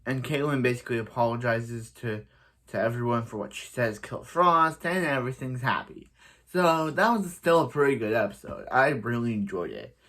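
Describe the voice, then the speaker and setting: A man's voice: mid-range voice, big pitch swings, a little fast, fairly bright tone. A man casually recapping a TV episode for his review channel, rambling with frequent restarts.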